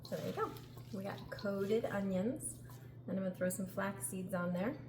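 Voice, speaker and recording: A woman's voice: mid-range voice, moderate pace. A middle-aged woman hosting a casual cooking demonstration in a home kitchen, upbeat and chatty, laughing often. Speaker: cooking show host. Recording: echoey kitchen with background noise.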